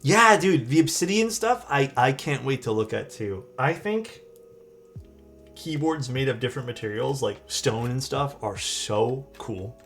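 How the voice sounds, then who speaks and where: A young man talks to his stream while he assembles a keyboard, and his voice has a gravelly, fry-laden edge at a middle pitch. He rambles casually and drops the odd curse. Faint music plays behind him. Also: expressive, a little slow, fairly bright tone. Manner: loose, rambling, swears casually, chats with viewers. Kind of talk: casual live-stream chat while working.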